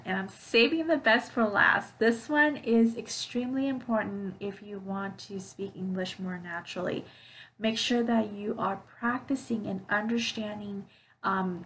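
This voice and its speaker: A woman's voice: mid-range voice, fairly bright tone, slight background noise, low-quality recording. Encouraging woman English teacher. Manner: clear, encouraging, explaining with examples; frequent "okay, so" and "um" fillers. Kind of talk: online video lesson.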